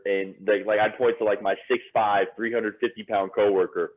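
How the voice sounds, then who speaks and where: A man guesting on a podcast, telling animated stories with lots of fillers and laughter. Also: on the low side, normal speed, hardly any pauses. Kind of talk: casual storytelling. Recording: tinny phone-like line.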